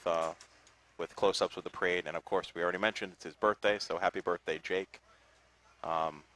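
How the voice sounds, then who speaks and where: A man with a low, slightly bright voice co-hosts a live outdoor broadcast at a parade. In casual chat, he reads out thank-yous packed with fillers.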